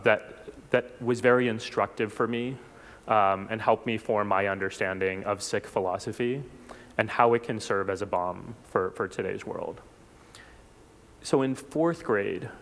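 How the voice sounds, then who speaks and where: A man from South Texas giving a reflective personal talk at a church forum, unhurried, with small restarts. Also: fairly low pitch, fairly bright tone. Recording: long hall reverb.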